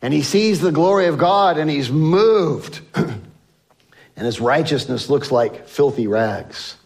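Male pastor, slightly high voice, sermon storytelling with acted-out biblical voices. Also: animated, takes it slowly, creaky. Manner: swings from loud emphasis to soft hushed lines.

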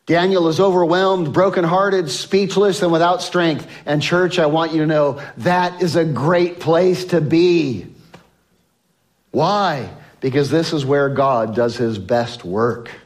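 A male pastor preaching a sermon to his congregation on a microphone, swinging between loud emphasis and soft, slow lines. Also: a little high. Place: church sanctuary with congregation.

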